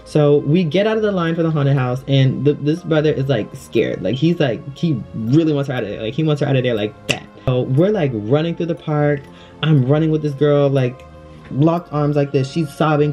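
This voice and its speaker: A young male vlogger, his voice on the high side, tells a personal story in a casual, chatty storytime. His retelling is animated and packed with fillers.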